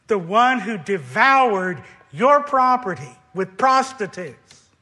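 A man's voice: high voice, big pitch swings, slow, sharp tone, full character voice. A man voicing a resentful grown elder son who complains bitterly and sarcastically to his father. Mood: bitter sarcastic.

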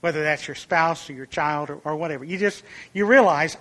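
High-voiced man preaching a sermon. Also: a little fast, a bit bright. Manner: earnest, emphatic, rises in pitch and volume for illustrations.

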